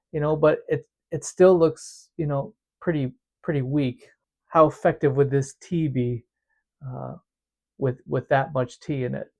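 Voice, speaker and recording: A man's voice: fairly high pitch, fairly even intonation, unhurried, darkish tone. A man teaching a devotional method in a casual, earnest way, often repeating words as he explains.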